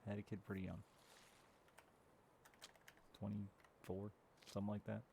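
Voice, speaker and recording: A man's voice: lowish voice, completely flat delivery, measured pace, vocal fry, warm tone, a little hiss or hum. A man in his thirties chatting casually and candidly with viewers while streaming a game, swearing now and then. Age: 30s. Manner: chats with live viewers. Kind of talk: casual chat while gaming.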